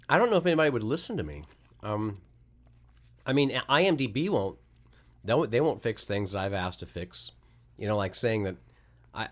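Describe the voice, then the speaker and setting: A voice actor guest in casual chat, a man answering questions in a relaxed, thoughtful way with frequent restarts. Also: fairly low pitch.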